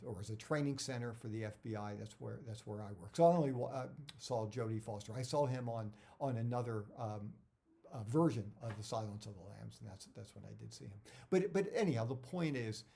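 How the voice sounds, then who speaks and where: A man's voice: medium pitch, creaky, warm tone. A middle-aged man, an actor, giving career advice in a casual talk that rambles, repeats words and drifts off topic.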